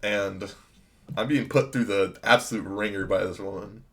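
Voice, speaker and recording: A man's voice: fairly low pitch, moderate pace. A young man telling a rambling, self-mocking story in casual speech while playing an online card game. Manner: rambling anecdote with filler "like", laughing at himself. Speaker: gaming streamer.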